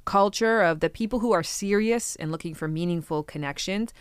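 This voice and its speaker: A woman's voice: on the low side, a little fast, smooth, no room sound, studio quality. A woman guest on a casual podcast, talking about dating and acting out quotes with sudden jumps in her voice. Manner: animated, acts out quotes with big voice jumps.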